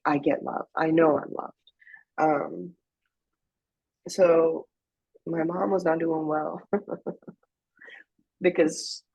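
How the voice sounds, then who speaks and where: A woman telling her personal story in a conversational interview, emotional and halting, with many fillers and restarts. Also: low voice, vocal fry, husky, no echo, low-quality recording. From Afghanistan. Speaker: interview guest.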